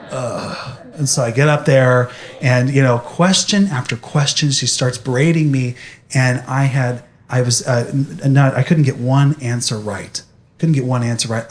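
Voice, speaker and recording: A man's voice: medium pitch, moderate pace. A young man speaking animatedly to an audience, telling a personal story in a motivational talk.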